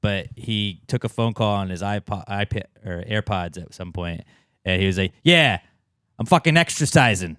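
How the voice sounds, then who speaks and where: A man's voice: moderate pace, clean tone, no room sound, clean studio sound. A man co-hosting a podcast in casual chat, telling stories and acting out quotes with big jumps in his voice. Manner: animated storyteller, acts out quotes with big jumps in pitch. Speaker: podcast co-host.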